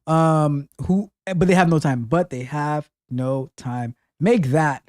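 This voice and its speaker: A man's voice: fairly high pitch, takes it slowly, a little mellow, dry recording, clean studio sound. A man hosting a live call-in tech show, chatting casually and jokingly, often repeating his phrases. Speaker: host.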